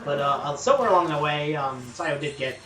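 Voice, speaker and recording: A man's voice: a little high, lively intonation, fairly quick, fairly bright tone. A man with a Canadian accent giving casual play-by-play commentary at a gaming tournament, with many ums and uhs. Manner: chatty, lots of ums and uhs. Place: campus gaming tournament room. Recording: roomy sound, mic at a distance, game music behind.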